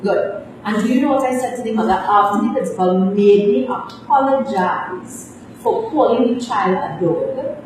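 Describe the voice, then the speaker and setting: A middle-aged teacher with a Trinidadian accent scolds her class sternly, closing her points with tag questions. She speaks at medium pitch and normal speed, sounding distant in an echoey room with faint hiss.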